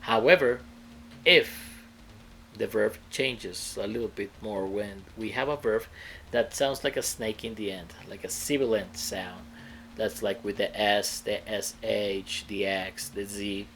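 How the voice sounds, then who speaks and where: Gravelly-voiced man teaching English grammar. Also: lowish voice, a little slow, fairly bright tone, slight background noise. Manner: explains step by step, often checks in with "okay?". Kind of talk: grammar lesson explanation.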